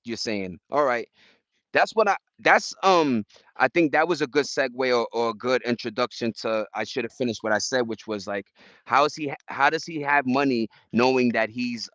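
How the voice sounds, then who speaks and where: A man's voice: medium pitch, fairly bright tone, dry recording, highs cut off. A man hosting a casual livestream outdoors, chatting loosely with viewers in slang. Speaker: livestream host. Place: outdoors in a park.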